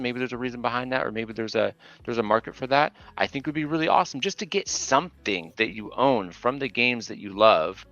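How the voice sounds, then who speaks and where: A man's voice: mid-range voice, lively intonation, a little fast, fairly bright tone, highs cut off. A man in casual conversation on a podcast, talking loosely with lots of fillers, restarts and swearing. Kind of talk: casual chat. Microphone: remote call mic.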